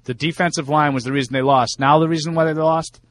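A man's voice: a little high, steady tone, fast. A middle-aged man co-hosting a sports radio show in casual talk, emphatic and opinionated, often restarting his words.

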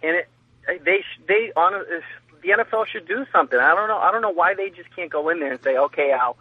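A man's voice: high voice, slightly rough, dry recording. Male caller, tinny phone line, rambling casual talk. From lives in Florida. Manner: rambling, halting restarts. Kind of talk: casual call-in chat.

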